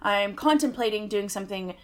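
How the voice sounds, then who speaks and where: A woman's voice: medium pitch, expressive, a little fast. A woman, co-hosting a podcast and telling a long, wry, exasperated story in casual chat. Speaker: podcast co-host.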